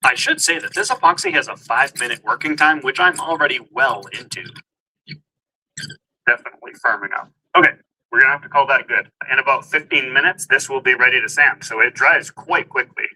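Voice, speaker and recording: A man explains a hands-on car project step by step, plain and upbeat. His voice is sharp and very bright, with a husky, raspy edge, and he keeps an easy, casual how-to manner. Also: mid-range voice, brisk, low-quality recording. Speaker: DIY car vlogger.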